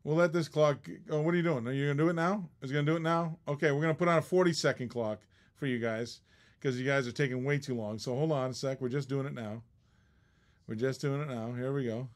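A man hosting a live online auction, easygoing and chatty, with a voice that sits a little higher than most men's. He laughs often and ribs his bidders as he talks. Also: quick pace. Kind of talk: casual live-stream auction chat.

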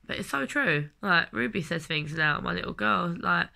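A woman's voice: lowish voice, fast talker, vocal fry, few pauses, pushed and bright. A woman in her late twenties with a London accent, talking in a rambling, heartfelt personal vlog while she has a cold. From London, England. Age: late 20s. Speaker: vlogger.

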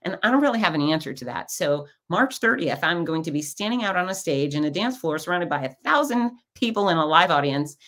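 Chatty woman podcast host, low voice. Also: fairly quick, few pauses. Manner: chatty storytelling with lively quoted asides. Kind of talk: casual monologue.

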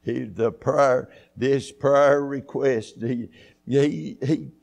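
A man preaching a church sermon, fervent, rising to loud high peaks and throwing in hallelujahs. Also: fairly even intonation, drawn-out words, gravelly. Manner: punctuates with hallelujahs and amens. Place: church sanctuary.

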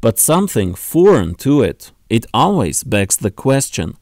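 Lively-voiced male essay narrator. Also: medium pitch, unhurried, no room sound, clean studio sound. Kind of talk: scripted narration.

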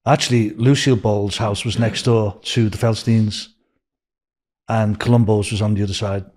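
Here an older Liverpudlian with a Scouse accent talks at normal speed in a fairly low, steady, somewhat mellow voice. Guesting on a casual storytelling interview, he rambles through anecdotes, acts out quoted dialogue, and leans on "you know" frequently.

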